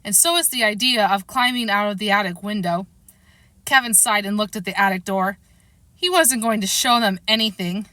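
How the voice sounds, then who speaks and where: A woman reading a storybook aloud in an expressive way, acting out the characters' lines as she narrates. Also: mid-range voice, moderate pace, no echo. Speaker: storybook reader.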